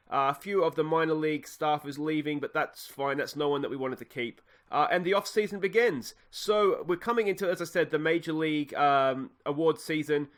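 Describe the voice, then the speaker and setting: A man's voice: a little high, a bit bright. A young Australian man casually commentating a sports management game, thinking aloud with lots of ums and uhs. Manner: chatty, thinking aloud with many fillers. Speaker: let's play host.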